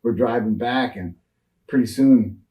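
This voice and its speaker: A man's voice: medium pitch, a little slow, recorded from a distance, highs cut off. A man in his sixties, a retired wrestler, rambling through road stories in a shoot interview with lots of fillers and restarts.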